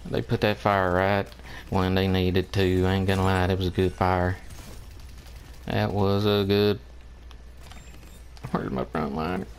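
Guy commentating his game, slow drawl, lowish voice, begging his team to help, little hiss behind. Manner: drawling, exasperated, pleading with teammates. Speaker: gamer. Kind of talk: gameplay commentary.

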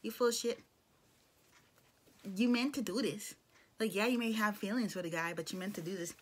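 Young woman recapping a tv episode, chatty and blunt, medium pitch. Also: normal speed, breathy edge. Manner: chatty and opinionated, blunt asides. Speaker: show reviewer. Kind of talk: casual recap and commentary.

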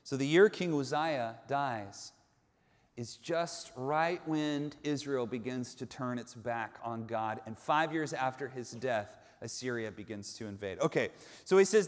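A man pastor preaching a sermon as a vivid storyteller, moving between hushed tones and shouting, in a large church sanctuary. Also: mid-range voice, lively intonation, measured pace. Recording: long reverb in a large sanctuary.

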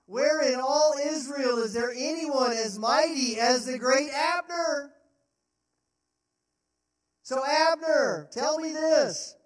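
A man voicing a bold young male warrior who taunts and shouts in a mocking way. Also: very high voice, takes it slowly, voice pushed up. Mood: taunting shouts. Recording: roomy sound from a distant mic.

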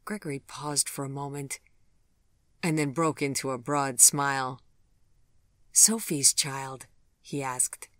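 An audiobook narrator reading a romance novel in a calm, measured way. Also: medium pitch, no echo, clean studio sound. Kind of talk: scripted narration.

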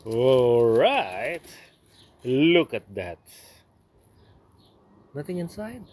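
A man casually unboxing a product, reading the label aloud and breaking into excited asides, at home in New Zealand. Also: mid-range voice, very slow, slight background noise. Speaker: unboxing vlogger.

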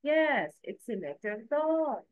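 A woman's voice: a little high, sing-song, slow pace, no echo, narrow, tinny audio. A woman teaching letter pronunciation, patiently repeating words and prompting her pupils to repeat after her. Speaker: Quran reading teacher. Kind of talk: pronunciation lesson.

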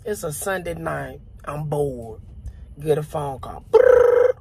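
A man telling a comic story in an animated, profane way, with sound effects and asides. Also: on the high side, slow, creaky, heavy background noise. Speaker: comedian.

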